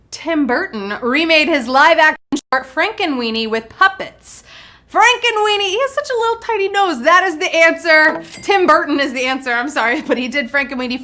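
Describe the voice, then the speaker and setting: Bubbly high-voiced woman quiz host. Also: sharp tone. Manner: bubbly, punny, playful banter. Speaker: trivia game show host. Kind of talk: live quiz show hosting.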